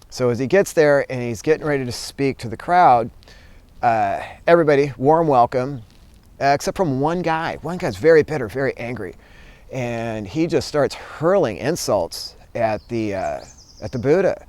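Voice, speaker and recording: Smooth-voiced man telling a story. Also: medium pitch, dry recording. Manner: relaxed, many fillers. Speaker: vlogger and teacher. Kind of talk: casual storytelling talk.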